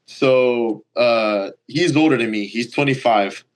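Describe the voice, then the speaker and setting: A young man from Brazil, telling stories as a guest in a casual interview, animated and full of "like" and "you know". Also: medium pitch, takes it slowly. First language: Portuguese. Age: young adult. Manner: animated, acts out quoted lines, filler-heavy. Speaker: college baseball player, guest. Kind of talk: casual storytelling.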